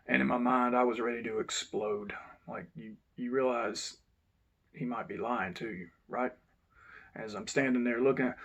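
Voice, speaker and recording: Gravelly man telling a story. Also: medium pitch, steady tone, normal speed. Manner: blunt, frank, swears now and then. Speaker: former correctional officer. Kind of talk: casual first-person storytelling.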